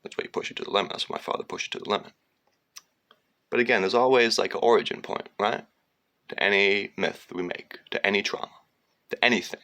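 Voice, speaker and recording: Low gravelly man, sharp bright edge, rambling and profane, loose monologue. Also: fast talker. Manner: digressive, profane, slips into sung lines and mocking voices. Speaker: storyteller.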